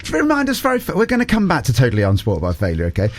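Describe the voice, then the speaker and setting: A man hosting a podcast interview, playful and quick to laugh. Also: medium pitch, huge pitch swings. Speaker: podcast host. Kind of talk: casual interview.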